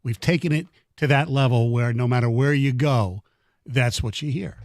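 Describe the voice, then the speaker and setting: A man hosting a sports talk radio show, taking calls and reading out the phone number in a measured way. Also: mid-range voice, a little mellow, dry recording, clean studio sound. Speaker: radio host. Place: radio studio.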